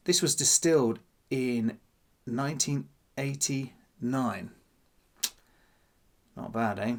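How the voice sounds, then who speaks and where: A man's voice: medium pitch, animated, takes it slowly, pauses often. A man hosting his own whisky channel, chatting casually to camera and musing aloud as he tastes. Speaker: whisky vlogger. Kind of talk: casual tasting chat to camera.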